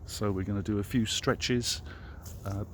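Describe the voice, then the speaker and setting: A man's voice: fairly low pitch, fairly even intonation, a little hiss or hum. A man with a British English accent teaching running vocabulary outdoors at a track, in simple phrases with fillers. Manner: halting, many fillers, clear simple phrases. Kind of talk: slow spoken vocabulary lesson with commentary.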